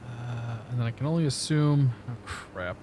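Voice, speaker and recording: A man in casual live-stream chat, talking his way through a flight simulator cockpit. His voice sits at an ordinary middle pitch with a faint hiss of noise behind it, and he jokes at his own expense as he goes. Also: animated, moderate pace, dark tone. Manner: chatty, laughing, self-joking.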